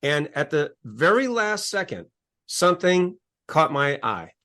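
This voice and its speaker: A man's voice: a little high, big pitch swings, unhurried, fairly bright tone. A man, a guest telling a personal story in a conversational interview, earnest and emphatic, often repeating his words. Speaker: guest, coach and author.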